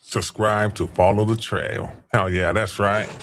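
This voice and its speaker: A man hosting a casual livestream, talking slangy street talk, swearing and giving shout-outs to people in the chat. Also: on the low side, fairly even intonation, a little slow, a little hiss or hum. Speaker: livestream host.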